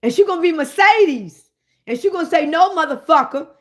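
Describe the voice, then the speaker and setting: High-voiced woman on a profane rant. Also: brisk. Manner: profane, animated, addressing listeners directly. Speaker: host. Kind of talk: comedic rant.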